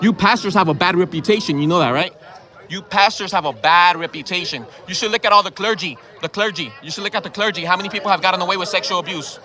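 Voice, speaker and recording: Quick and high-pitched, the man's voice has a sharp tone. Filming on his own phone, which also serves as the microphone, he confronts people outside in a heated argument, repeating questions and swearing.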